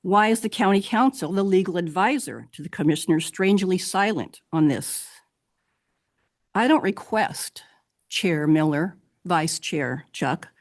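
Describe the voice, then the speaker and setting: A woman's voice: lowish voice, lively intonation, a little slow. A woman giving public comment at a county board meeting, reading legal text aloud and firmly demanding that the board act.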